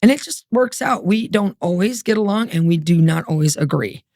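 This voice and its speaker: A woman telling her story as a podcast guest, lively, acting out what others said. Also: mid-range voice, fairly quick, dry recording, studio quality. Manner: animated, acts out quoted voices.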